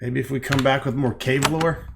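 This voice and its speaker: A man's voice: mid-range voice, fairly even intonation, moderate pace, creaky, very noisy. A man hosting a let's play, reading the game's text aloud and adding offhand, jokey asides. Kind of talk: casual game commentary, reading on-screen text aloud.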